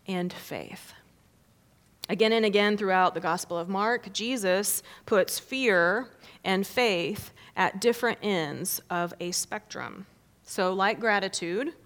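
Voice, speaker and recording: A woman delivers a sermon at an unhurried, measured pace. Her voice sits at an ordinary middle pitch. She reads scripture with expression, swelling for emphasis and sinking to a hush. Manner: slow, expressive reading with dramatic swells and hushed drops. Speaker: preacher.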